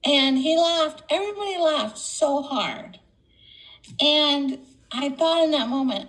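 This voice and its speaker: A woman telling a lively anecdote on a video call, acting out the people she quotes. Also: high voice, a little slow, poor audio. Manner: bubbly, quoting others in voices. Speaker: guest speaker. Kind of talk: storytelling anecdote.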